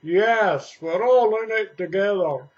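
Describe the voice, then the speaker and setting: A man's voice: high-pitched, takes it slowly, lo-fi sound, noisy background. An older man putting on a to mock a smug, wealthy male politician, plummy and condescending.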